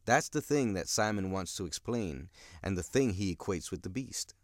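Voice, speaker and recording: A man's voice: deep voice, animated, normal speed, dry recording, clean studio sound. A man teaching, plainly explaining a novel to learners and asking them questions.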